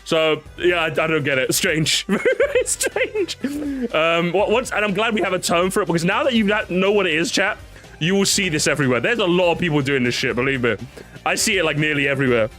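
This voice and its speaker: A man streaming and reacting to his chat in casual commentary, excitable, laughing often and swearing casually. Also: on the high side, fast talker, soft background music.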